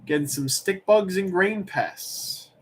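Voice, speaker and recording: A man's voice: sits high, slow, a little hiss or hum. A young man hosting a livestream auction, chatting casually and rambling as he reads comments aloud.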